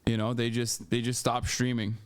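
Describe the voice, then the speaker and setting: A man's voice: medium pitch, flat delivery, normal speed, smooth. A man hosting a live reaction stream, talking casually and breaking into heated, profane rants. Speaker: streamer host.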